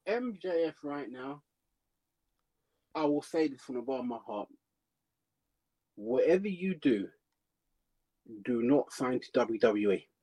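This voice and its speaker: A man co-hosting a casual podcast chat, giving emphatic, animated opinions. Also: mid-range voice, a little slow, long pauses, husky. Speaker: podcast co-host.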